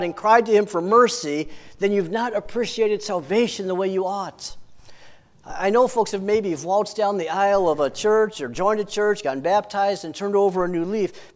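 A male pastor preaching a sermon, telling stories and swinging from hushed lines to loud ones, repeating words for emphasis. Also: high voice.

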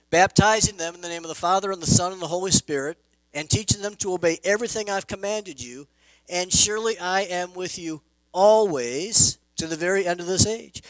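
A man preaching a sermon as pastor, emphatic, swelling loud and dropping soft. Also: high-pitched, no echo, rough recording. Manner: emphatic preaching with rising and falling volume.

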